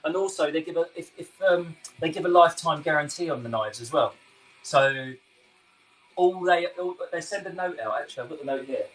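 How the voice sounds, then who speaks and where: Poor audio carries a young chef's slightly fast, high-leaning voice with a London-tinged English accent. He laughs frequently and chats with viewers on his live cooking stream, responding to their comments.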